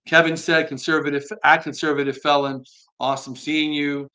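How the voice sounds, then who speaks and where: A man hosting a live stream, reading viewer comments aloud and answering them in an earnest, unhurried way. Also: on the high side, little pitch movement. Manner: earnest, soft-spoken, admits being slow tonight.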